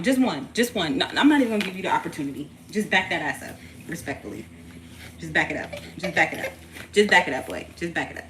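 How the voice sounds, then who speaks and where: With a deep, slightly bright voice, a tarot reader streams live, talking fairly quickly and animatedly over slight background noise. She's loose and joking, full of slang and swearing, erupting in laughter and chatting to a baby between readings.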